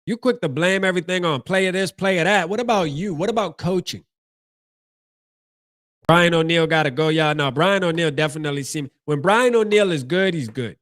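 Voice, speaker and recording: A man's voice: a little high, normal speed, a bit bright, no room sound, clean studio sound. A man hosting a fan postgame show, ranting casually with slang and lots of repeats and restarts.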